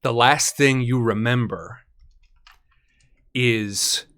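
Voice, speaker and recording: A man's voice: medium pitch, very slow, a bit bright, clean tone. A man narrating a tabletop role-playing game as game master, painting the scene in vivid detail with frequent ums and uhs.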